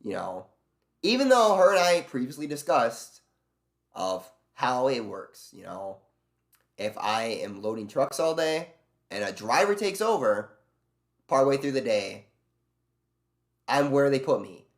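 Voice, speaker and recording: A man's voice: mid-range voice, very animated, unhurried, long pauses. A man streaming live, ranting in casual chat with lots of swearing and sarcasm while answering his chat. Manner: ranting, profane, sarcastic storytelling; reads and answers chat messages aloud.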